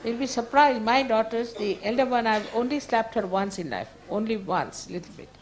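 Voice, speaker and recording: A woman's voice: a little high, animated, normal speed, noisy background. A woman giving an informal spiritual talk as a teacher, conversational and firm, chiding at times and often laughing.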